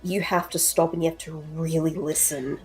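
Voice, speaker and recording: A woman co-hosting a casual livestream chat, speaking in a blunt, matter-of-fact way. Her voice sits fairly low for a woman, and faint music plays underneath. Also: fairly even intonation, moderate pace, a little mellow.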